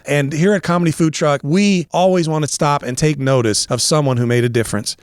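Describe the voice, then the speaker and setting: A man's voice: fairly high pitch, fairly quick, clean tone, no echo, studio quality. A man hosting a comedy podcast, bantering casually with co-hosts, laughing often and joking around. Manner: jokey, laughs often, animated. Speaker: podcast host.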